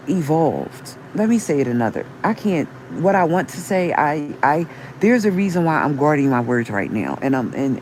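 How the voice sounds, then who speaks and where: This livestream host talks casually but earnestly, preaching and citing scripture, with frequent restarts and repetition. Her low-pitched voice has a darkish tone, and the low-quality recording carries slight background noise.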